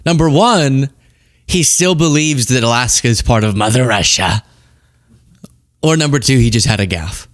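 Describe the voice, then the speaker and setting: Young male political commentator; lively, sarcastic, quick to laugh; close dry studio sound. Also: medium pitch, no echo. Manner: animated, sarcastic, laughs often.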